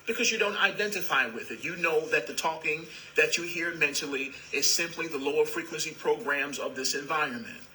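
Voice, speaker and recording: A man speaking as a spiritual teacher, calm and repetitive, who addresses his listeners as "beloved". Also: on the high side, brisk, few pauses, a little hiss or hum, poor audio. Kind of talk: spiritual talk.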